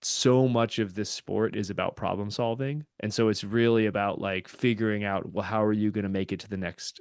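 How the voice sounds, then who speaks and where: Male guest, low smooth voice, dry close sound, earnest and thoughtful. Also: moderate pace, a little mellow, no room sound. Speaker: podcast guest, ultrarunner and commentator. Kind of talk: casual interview talk.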